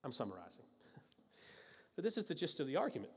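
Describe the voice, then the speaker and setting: A man's voice: fairly high pitch, huge pitch swings, fast talker, pauses often, slightly rough. A man preaching a sermon as a pastor, talking in a conversational and emphatic way, with frequent restarts and asides. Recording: long reverb of a large hall.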